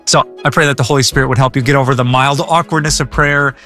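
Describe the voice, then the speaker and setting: A man's voice: medium pitch, fairly even intonation, fast talker, sharp tone, soft background music. A male pastor giving a conversational sermon in an earnest way, often repeating words as he goes.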